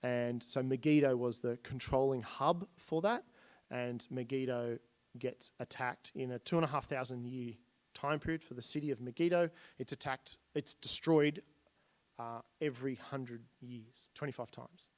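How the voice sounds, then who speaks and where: A man's voice: medium pitch, moderate pace. A man giving a casual Bible history lesson at a church. He retells stories in plain everyday speech while pointing at slides.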